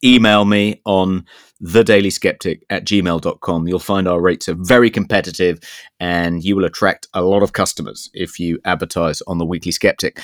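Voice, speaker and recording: A man's voice: lowish voice, dry recording, clean studio sound. A man co-hosting a podcast in casual chat, telling rambling anecdotes with many restarts and stammers. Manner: stammering, self-deprecating anecdotes. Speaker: podcast co-host.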